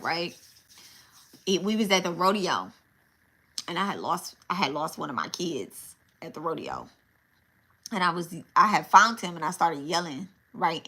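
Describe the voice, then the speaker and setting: A middle-aged psychic medium gives a live reading, telling a story in a loose, conversational way and frequently tagging on "right?" Her voice is lowish yet bright, with a forceful tone.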